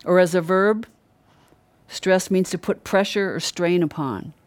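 A middle-aged preacher talks through a sermon in a relaxed, conversational way, leaning on certain words and repeating them for weight. The voice sits in a middle pitch and sounds earnest. It is recorded close and dry, with no room echo. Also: unhurried. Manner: earnest, emphatic repetition of key words. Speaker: Christian preacher.

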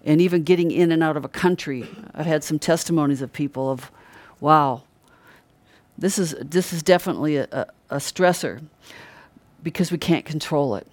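Middle-aged preacher, conversational sermon, earnest, repeats key words for emphasis, mid-pitched, dry close recording. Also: moderate pace, darkish tone, no echo. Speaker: Christian preacher.

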